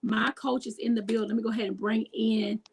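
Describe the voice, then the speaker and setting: Bubbly high-voiced woman host, gravelly edge. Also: fairly even intonation, fast, noisy background. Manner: bubbly, effusive, calls listeners y'all. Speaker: talk show host. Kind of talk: enthusiastic video-call interview.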